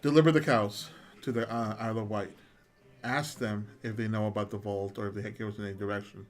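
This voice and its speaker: A man's voice: fairly low pitch, steady tone. Man planning aloud in a tabletop game. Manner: plans out loud, halting restarts. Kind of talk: casual tabletop play chat. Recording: live stream voice chat.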